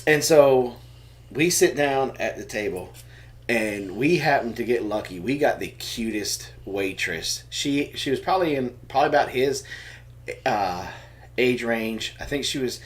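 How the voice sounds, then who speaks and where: Animated storyteller dad. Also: male voice, medium pitch, measured pace. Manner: animated storyteller acting out quotes. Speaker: homestead channel co-host. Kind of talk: casual live chat storytelling.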